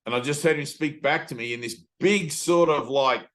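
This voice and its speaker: A man's voice: a little high, moderate pace, fairly bright tone. Man telling stories in a spiritual talk. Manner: loose storytelling, full of fillers; acts out quoted voices. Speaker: spiritual teacher.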